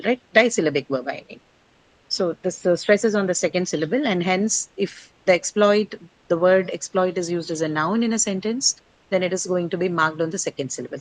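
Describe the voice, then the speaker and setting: A woman's voice: on the low side, low-quality recording. A woman teaching an English class, quizzing and correcting her students on word stress.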